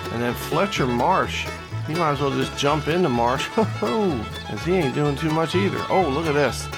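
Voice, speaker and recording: A man giving casual, joking play-by-play commentary as host of a gaming video, excitable and full of trash talk. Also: fairly high pitch, normal speed, creaky, over music.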